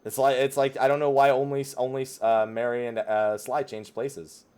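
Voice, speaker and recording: A man's voice: medium pitch, level tone, moderate pace, darkish tone, clean tone. A man hosting a casual gaming podcast, teasing his co-hosts and laughing often. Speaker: podcast host.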